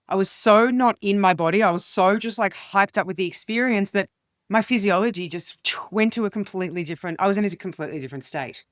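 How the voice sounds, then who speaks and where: A woman's voice: medium pitch, dry recording, studio quality. A woman, a comedian guest telling a story animatedly and acting out the quotes in an interview. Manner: animated, acts out quotes in changing voices. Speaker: guest, comedian and communication expert.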